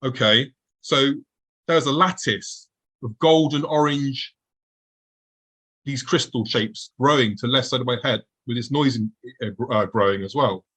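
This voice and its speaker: Guest: husky-voiced man, middle pitch, telling a story vividly. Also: unhurried, a bit bright, rough recording. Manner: vivid storytelling, acting out his own past thoughts. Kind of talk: recounting a personal encounter.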